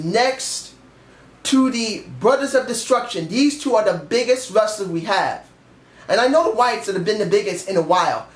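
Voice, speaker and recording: A man giving a rambling, emphatic and candid casual review of a wrestling show. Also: extremely high pitch. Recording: echoey room.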